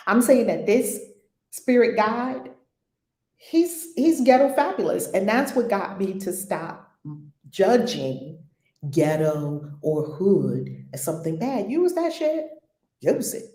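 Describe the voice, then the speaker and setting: A woman's voice: medium pitch, sing-song, a little slow, dark tone, echoey room. A woman hosting a casual spiritual discussion, frank and slangy, often laughing. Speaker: spiritual teacher and host.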